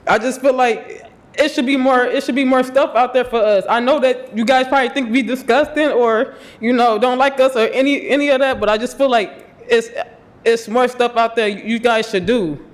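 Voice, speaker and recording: A man in his twenties giving a nervous, halting public comment at a city meeting, crying as he pleads for help. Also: extremely high pitch, steady tone. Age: 20s. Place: city commission chambers.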